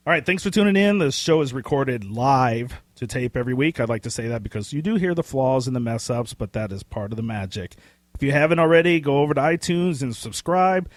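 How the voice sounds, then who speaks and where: A man co-hosting a casual pop-culture podcast. He talks in a rambling, excitable way with casual swearing, and his voice is getting hoarse. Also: mid-range voice, a little fast, no room sound. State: losing his voice. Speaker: podcast co-host. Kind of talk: casual chat.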